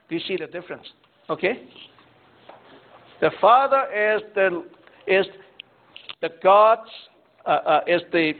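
Male Bible teacher, high register, questioning his class, phone-quality audio. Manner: asks students questions, tags lines with "okay?" and "right?". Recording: tinny phone-like sound.

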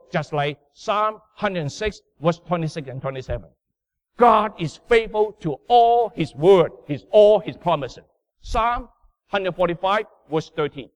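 Man, preacher, sermon, high-pitched, emphatic, non-native English, dull lo-fi sound. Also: dry recording. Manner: emphatic, swinging between loud bursts and low murmurs.

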